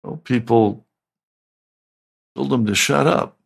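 A male pastor delivering a radio sermon, asking slow, emphatic questions. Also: medium pitch, creaky, slightly rough.

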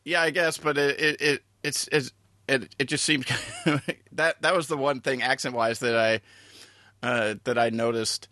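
A man with a bright, forceful tone and a middle pitch talks through his thoughts in casual chat, stumbling over restarts and fillers. The sound is dry and close. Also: fairly even intonation, no echo. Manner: halting, many fillers and restarts. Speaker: podcast co-host.

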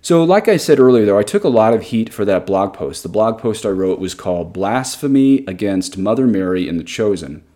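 Priest in his 30s, low and mellow, reads the catechism and then argues his points with emphasis. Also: animated, fairly quick, few pauses. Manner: emphatic, argumentative. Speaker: Catholic priest. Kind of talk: catechism reading with commentary.

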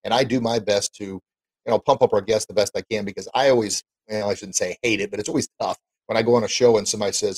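A man's voice: on the low side, fairly even intonation, fast talker, a little mellow, breathy edge, poor audio. A man hosting an interview podcast, chatting with his guest in an eager, encouraging way. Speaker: podcast host. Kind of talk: casual interview chat.

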